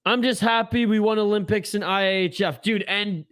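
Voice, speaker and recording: A man's voice: sits high, fairly even intonation, fairly quick, fairly bright tone, clear, resonant tone. A man hosting a live hockey watch-along stream, giving casual play-by-play and joking and swearing while reading chat aloud. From Canada.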